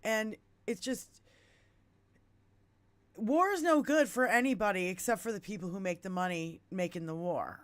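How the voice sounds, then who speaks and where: A woman in her fifties from the United States hosting a podcast, telling stories in an animated way and swearing freely. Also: medium pitch, moderate pace, pauses often, no room sound. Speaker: podcast host. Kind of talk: casual chat.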